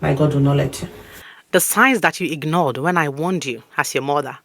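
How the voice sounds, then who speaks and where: A woman's voice: low-pitched, normal speed, a bit bright, dry recording, clean studio sound. A woman from Africa, hosting a comedic podcast monologue in a scolding, preachy tone. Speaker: podcast host.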